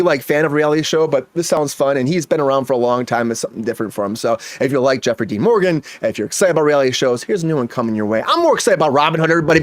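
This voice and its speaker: A man's voice: on the high side, dry recording. A man hosting a comedy entertainment news show, talking energetically and hyping up the breaking news. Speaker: host.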